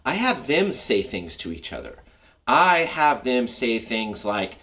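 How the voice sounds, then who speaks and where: An enthusiastic man talks casually about running tabletop games, his mid-range pitch rising and falling freely. He rambles a little as he goes. He sits a little back from the microphone. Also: wildly swooping pitch, unhurried, a bit bright, distant mic. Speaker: tabletop game master and video host. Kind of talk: casual advice monologue.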